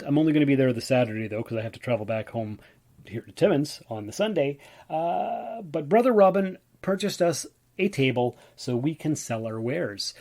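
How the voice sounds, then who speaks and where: A man's voice: mid-range voice, a little mellow. A man from Ontario, Canada, tired and yawning, talking through a casual solo podcast in a chatty, rambling way full of fillers. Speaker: podcast host.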